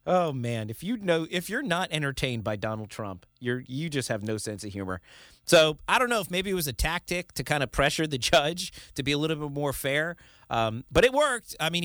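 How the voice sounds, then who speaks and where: A man hosting a political talk show, opinionated and animated, often laughing and mimicking the people he criticizes. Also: fairly high pitch, no echo, clean studio sound.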